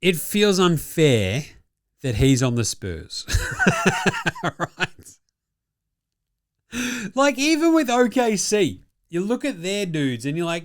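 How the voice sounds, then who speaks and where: A man's voice: a little high, sing-song, takes it slowly, dry recording, clean studio sound. A man with an Australian accent hosting a casual basketball recap, profane and jokey, laughing often. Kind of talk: casual sports recap commentary.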